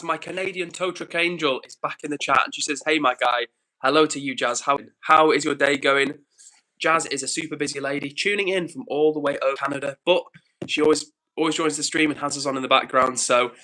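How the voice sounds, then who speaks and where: A man's voice: fairly high pitch, pushed and bright, poor audio. A young man hosting a live stream, cheerfully greeting viewers by name and reading out their comments, slightly out of breath. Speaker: livestream host.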